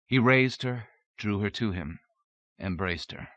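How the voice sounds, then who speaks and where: Forceful low-voiced male audiobook narrator. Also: unhurried, no room sound. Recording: dull dry lo-fi tape recording.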